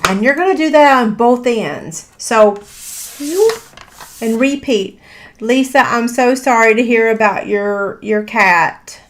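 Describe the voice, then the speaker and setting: A woman's voice: fairly high pitch, slow, slight background noise. A woman, teaching a live crafting tutorial in a chatty, self-deprecating way with frequent fillers. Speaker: paper craft instructor.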